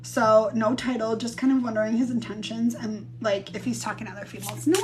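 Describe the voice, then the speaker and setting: A woman's voice: fairly high pitch, brisk, few pauses, over loud music. A woman in her thirties chatting casually on a live stream, telling stories with quoted voices and some swearing. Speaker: livestream host.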